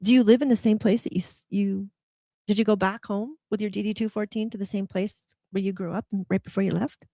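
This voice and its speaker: Fast-paced and steady, her medium-pitched voice dark in tone, the host of a spiritual motivational talk challenges her audience with rhetorical questions. She voices quoted complaints in a heated way; the studio-quality sound has no room echo.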